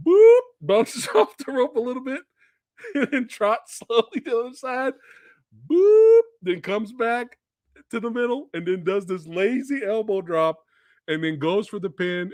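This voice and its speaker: A man's voice: high voice, no echo, clean studio sound. A man hosting a casual live Q&A stream, telling stories with lots of laughter and playing different people. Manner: animated storytelling with frequent laughter. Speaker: livestream host.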